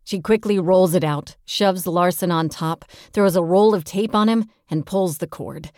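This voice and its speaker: A woman reading a first-person audiobook with steady, tense storytelling. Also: lowish voice, a little slow, dry recording, studio quality. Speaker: audiobook narrator.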